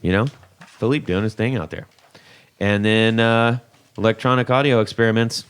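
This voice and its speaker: Lively, laughing male podcast host. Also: lowish voice, moderate pace, clear, resonant tone. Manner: animated, laughs often, trails off mid-sentence. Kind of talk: casual chat.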